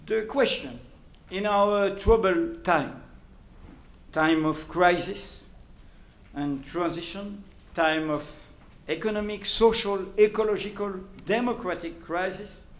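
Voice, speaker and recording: A man with a French accent, speaking in English as a journalist giving a prepared lecture, in a deliberate and emphatic manner. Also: sits high. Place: lecture hall. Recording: roomy hall sound, faint ambience.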